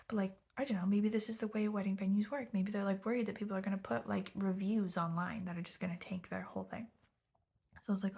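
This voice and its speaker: A woman's voice: medium pitch, steady tone, fast talker, a little mellow. A young woman chatting through a casual storytime vlog, half-whispering and peppering her talk with "like". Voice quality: breathy, gravelly. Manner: chatty, heavy use of "like", often half-whispered. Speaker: vlogger.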